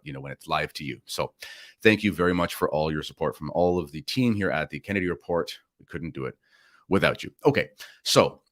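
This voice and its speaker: A man's voice: sits low, no room sound, clean studio sound. A man hosting a pre-recorded commentary show, talking casually with asides and fillers. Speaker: host.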